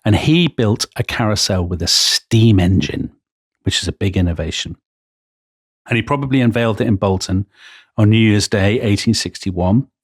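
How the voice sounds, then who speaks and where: On the low side and husky, this Englishman talks at normal speed in studio-quality audio without echo. His casual history podcast chat as co-host is enthusiastic storytelling laced with frequent asides.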